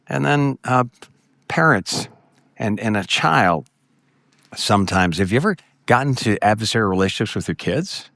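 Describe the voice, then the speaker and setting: A man's voice: expressive, normal speed, gravelly, a bit bright, no echo, studio quality. A middle-aged man giving a conference talk to ministry workers, telling stories and acting out the voices of people he quotes. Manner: storytelling, acts out quoted voices with jumps in pitch. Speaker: conference speaker.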